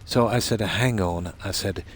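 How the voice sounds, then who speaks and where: A man's voice: lowish voice, a little slow, husky. A man streaming a game, chatting casually and telling long rambling stories. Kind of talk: casual chat while gaming.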